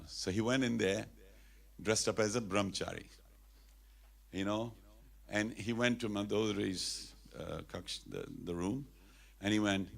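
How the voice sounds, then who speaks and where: A man's voice: deep voice, normal speed, gravelly. A man speaking at a temple festival, telling a sacred story with animation and leading chants. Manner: animated storyteller, leads call-and-response chants.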